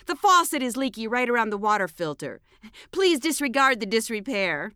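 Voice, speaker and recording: A woman's voice: on the high side, big pitch swings, moderate pace, pushed and bright, smooth, dry recording, clean studio sound. A woman playing a fretful, bossy sitcom wife. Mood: fussy. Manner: repetitive, fussy, insistent. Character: anxious, bossy middle-aged sitcom wife. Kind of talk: deadpan sitcom parody acting.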